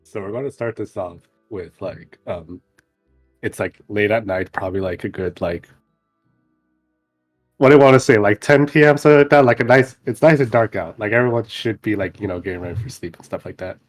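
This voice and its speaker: A man playing a tabletop role-playing game, describing his character's actions with many fillers and pauses. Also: on the low side, soft background music. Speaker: player. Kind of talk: tabletop role-play narration.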